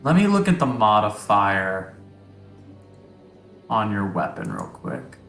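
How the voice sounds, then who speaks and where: A man's voice: on the low side, wildly swooping pitch, slow pace, creaky, a bit bright, reverberant, faint music behind. A man acting as game master, talking loosely and chattily and laughing easily. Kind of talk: running a tabletop game.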